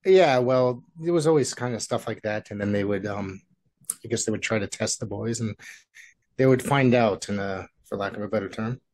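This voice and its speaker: A man hosting an interview who asks halting questions and corrects himself as he tries to recall an old memory. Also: on the low side, a little mellow. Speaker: interview host. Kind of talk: casual interview.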